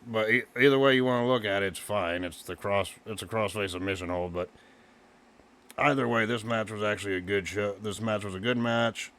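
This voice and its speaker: A man co-hosting a casual wrestling review, excitedly recapping the match move by move. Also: lowish voice, fairly quick. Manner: excited, recaps moves play by play. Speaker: podcast co-host.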